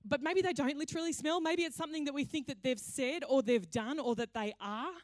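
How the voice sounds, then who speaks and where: A woman pastor preaches in a conversational, playful storytelling way. Her voice sits fairly high. The sound is dry and close. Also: fairly quick, dry recording. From Australia. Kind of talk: sermon.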